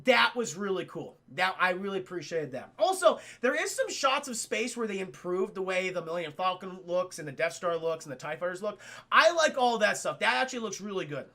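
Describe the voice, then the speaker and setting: A man casually recapping a movie for a live chat, animated, joking and swearing freely. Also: sits high, a little fast. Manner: animated, profane, jokey. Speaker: streamer.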